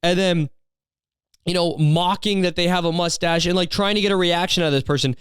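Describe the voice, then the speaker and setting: Man, podcast host, smooth resonant voice, swearing, rambling, amazed tone. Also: high-pitched, steady tone, fairly quick, dry recording, studio quality. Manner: rambling, profane, incredulous storytelling. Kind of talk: solo podcast monologue.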